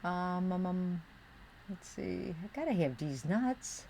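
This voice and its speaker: Middle-aged woman streamer, Western New York accent with Midwest hints, lowish voice, rambling chatty delivery, talking to chat at her desk. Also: animated, takes it slowly, gravelly, a little mellow, slight background noise. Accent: Western New York with Midwestern touches. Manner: rambling, talks to chat, muttering while searching. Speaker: live streamer. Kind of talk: casual live-stream chat while crafting.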